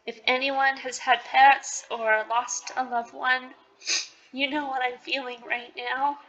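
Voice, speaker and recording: Slow, high-voiced gamer woman. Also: little pitch movement, highs cut off. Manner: emotional, gushing and soft-spoken. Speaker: gaming channel host. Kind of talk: let's-play commentary.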